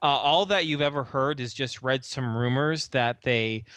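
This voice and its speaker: A man at a middle pitch narrating a tabletop game as its game master. His voice is smooth and clear, recorded dry and close. He talks in a relaxed way, with fillers and small laughs. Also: normal speed, dry recording.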